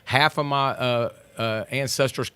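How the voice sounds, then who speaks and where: A man with a Southern accent, a restaurateur telling his family story in a relaxed interview. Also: medium pitch, unhurried, clean tone, no echo. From Texas. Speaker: restaurateur guest. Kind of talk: casual interview conversation.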